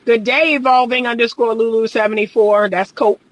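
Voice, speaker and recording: A woman's voice: a little high, moderate pace, poor audio. A woman relationship coach talking on a livestream, reading out viewer comments and pushing back with emphatic, exasperated rhetorical questions and frequent laughter. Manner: animated, laughs often.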